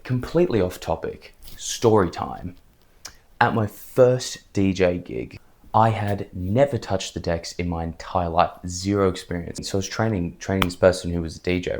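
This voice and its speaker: Fired-up, low-voiced man. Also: normal speed, a little hiss or hum. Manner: fired-up and emphatic, rambling. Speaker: vlogger. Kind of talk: motivational vlog storytelling.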